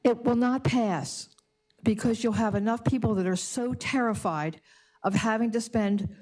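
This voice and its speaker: A woman's voice: a little high, a little mellow. Older woman, indignant public comment. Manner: emotional, indignant, halting with restarts. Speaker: resident giving public comment. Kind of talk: public comment at a community board meeting.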